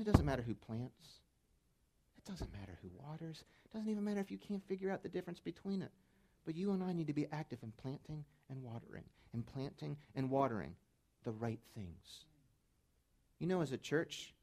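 A middle-aged male pastor delivers a sermon with a mid-range voice. He tells stories in a conversational way, then climbs into loud, fervent stretches. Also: mid-range voice. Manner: storytelling, builds to loud fervent peaks.

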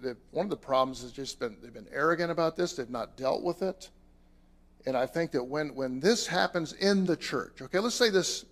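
A pastor delivering a sermon to his congregation in a fairly high voice. He talks earnestly and conversationally, stressing key lines loudly. He drops to quiet, softer asides. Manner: earnest, conversational preaching with sudden loud emphases and quiet asides.

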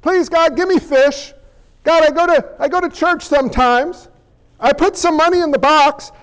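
A man's voice: very high-pitched, normal speed, a bit bright, big-room sound, pitched above the performer's own voice, rough recording. A man voicing a tired working fisherman who prays for fish and grumbles about preachers. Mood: pleading. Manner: pleading, then jubilant. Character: worn-out male fisherman praying for a catch.

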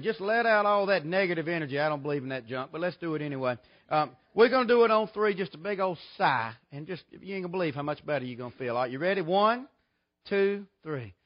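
A man's voice: fairly high pitch, highs cut off. A man, preaching a revival sermon as a guest preacher and telling jokes in a folksy way. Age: 40s. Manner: folksy, joking storyteller. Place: church sanctuary.

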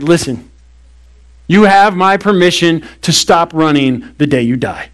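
A young adult man, a pastor, preaching an earnest sermon that builds to slow, emphatic declarations. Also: a little high, lively intonation, fairly bright tone.

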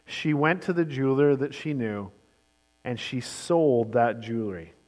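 A man giving a sermon as pastor, telling a story and shifting between brisk and slow, emphatic delivery. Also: mid-range voice, darkish tone, in a large hall.

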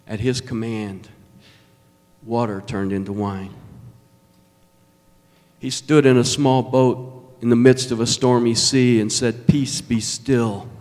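A man preaching a sermon as pastor, emphatic and measured, with dramatic pauses. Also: fairly low pitch, darkish tone. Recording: long reverb of a large hall.

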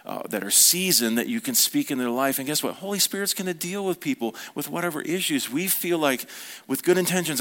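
Preacher guy, kinda high voice, chatty storytelling sermon, jokey asides. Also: a little fast. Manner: relaxed, storytelling, playful asides. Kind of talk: conversational sermon.

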